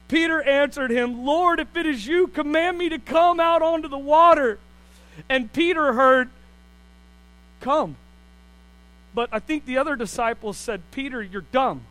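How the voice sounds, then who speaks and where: A man preaching a sermon, animated, swinging between quiet asides and loud, excited bursts. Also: very high voice, unhurried, pauses often, dry recording, poor audio. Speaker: pastor.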